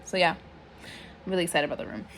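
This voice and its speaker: A woman, a small business owner talking in a heartfelt, animated way in a casual vlog. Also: on the low side, rapid-fire. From Toronto, Canada. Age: 30s.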